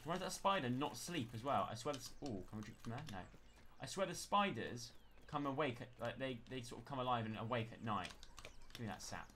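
A West Country man chatting his way through a game stream, talking to himself about every step at a middling pitch. Now and then he bursts into loud, panicky shouting. Clear background noise runs steadily under his voice. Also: lively intonation, a little fast. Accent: West Country English. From West Country of England. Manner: chatty self-narration, bursts into panicked yelling. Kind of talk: live gameplay commentary.

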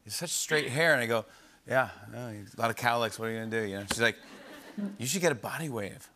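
A man hosting a late-night talk show, telling a story in a playful, animated way with frequent laughs. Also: medium pitch, fast talker, a little hiss or hum. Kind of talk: casual interview storytelling. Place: television studio.

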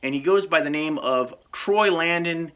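A man's voice: a little high, moderate pace, fairly bright tone. A man hosting a comic vlog sketch, giving mock-serious, fatherly warnings to a guest. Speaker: vlog host.

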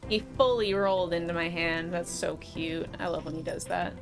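A woman's voice: lowish voice, steady tone, moderate pace, vocal fry, over music. A woman streaming a game live, chatting casually with viewers and cooing at her cat.

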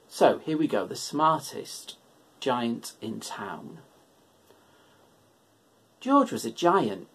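Male children's worship leader reading a storybook aloud; husky, slow, gentle. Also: medium pitch.

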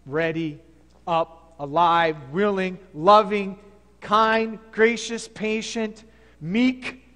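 A male pastor with a high voice delivers a sermon in a loose, conversational way, retelling scripture stories. His voice rings out in a church sanctuary with a long reverb tail. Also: steady tone, very slow, a bit bright. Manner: conversational preaching, fillers and restarts.

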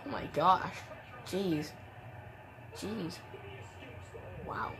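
A woman giving casual play-by-play commentary on a wrestling video game, with excitable exclamations and sudden shrieks. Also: fairly low pitch, extremely slow, music in the background. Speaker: gameplay commentator.

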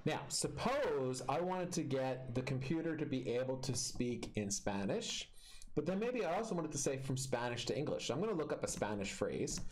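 A man's voice: medium pitch, big pitch swings, moderate pace, slight background noise. A male teacher walking students step by step through a screen-recorded classroom tutorial in a friendly way.

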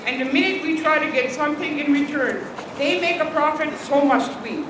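A woman's voice: high voice, normal speed. A woman from Alberta, a First Nation leader, giving an emphatic, indignant speech at an outdoor rally in cold weather. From Alberta, Canada. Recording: echoey, distant, noisy outdoor crowd ambience.

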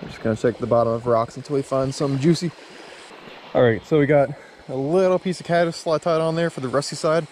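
A man narrating his night fishing at a stream, excitable and rambling, full of fillers. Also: mid-range voice, fast talker, a little hiss or hum. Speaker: fishing vlogger. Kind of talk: casual outdoor narration.

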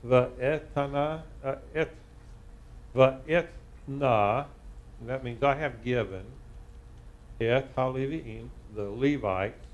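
Man slowly translating Hebrew in class. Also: mid-range voice, lo-fi sound. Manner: slow, halting, reading Hebrew word by word and translating. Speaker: rabbi teaching a Torah class. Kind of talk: live Bible study lesson.

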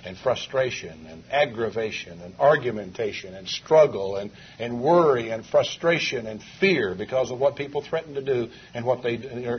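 Male preacher, husky voice with a rising and falling pitch, emphatic sermon, old muffled tape. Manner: emphatic, asks rhetorical questions. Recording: dull lo-fi 1980s sermon tape.

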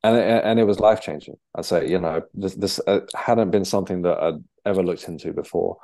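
Guest: young man, deep and mellow, halting storyteller who keeps restarting. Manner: halting, with frequent restarts and fillers. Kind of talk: conversational storytelling.

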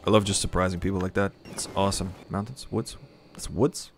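A man with a low, gravelly voice talks through a strategy game in a casual, chatty way. He mutters to himself, then breaks into excitable outbursts. Soft music plays faintly underneath. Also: brisk. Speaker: strategy game let's-player. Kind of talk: casual gameplay commentary.

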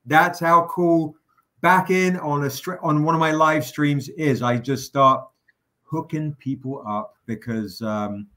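A man's voice: on the high side, takes it slowly, bright, forceful tone. A man hosting a live stream, chatting casually with fillers, jokes and the odd swear word. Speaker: livestream host running a crowdfunding campaign.

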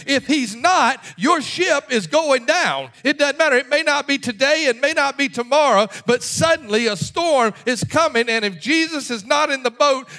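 A middle-aged man preaching from the pulpit in a very high voice. His tone is bright and forceful, and his emphatic delivery drops to a hush and then climbs to a shout. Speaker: pastor. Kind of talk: sermon.

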